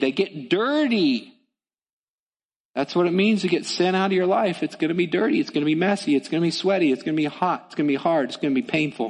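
A man's voice: sits high, big-room sound. A male pastor preaching a sermon in a church, with an emphatic, repetitive cadence.

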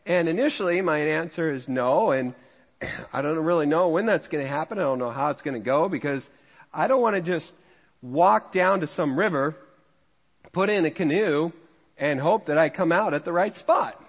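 A man's voice: on the high side, normal speed. A man from Missouri preaching a sermon as pastor, telling a fishing story in a conversational, self-mocking way with frequent laughs. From Missouri, USA. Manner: jokey, conversational, laughs at himself. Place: church sanctuary. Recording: dull, long-reverb church hall recording.

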